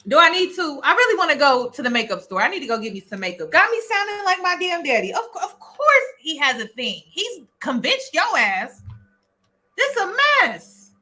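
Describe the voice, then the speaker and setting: A woman's voice: high voice, sing-song, fairly quick, hardly any pauses, pushed and bright, faint music behind. A woman hosting a reaction video, talking bluntly and with exasperation, swearing as she comments. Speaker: YouTube reaction host.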